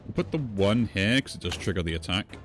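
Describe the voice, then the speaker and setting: A man with a low, deep voice talks casually through a game he is playing. He thinks out loud, weighing each move as he goes. Soft game music plays faintly in the background. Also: expressive, a little fast. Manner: musing, thinks aloud while playing. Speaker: gaming streamer. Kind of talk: casual gameplay commentary.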